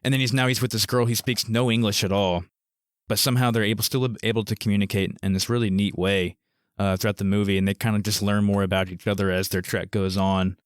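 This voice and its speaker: A man's voice: fairly low pitch, flat delivery, fast talker, smooth, dry recording, clean studio sound. A man co-hosting a movie podcast, easygoing and a bit hesitant as he sums up a plot. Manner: easygoing, hesitant with fillers while summarizing. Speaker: podcast co-host. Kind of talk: casual movie discussion.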